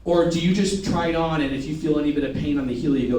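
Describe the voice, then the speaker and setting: Male sales trainer, high pitched, energetic, recorded from a distance in a reverberant room. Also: quick pace. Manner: energetic, rhetorical questions, call-and-response with the room. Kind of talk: live sales training demonstration. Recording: echoey room from far off, faint noise.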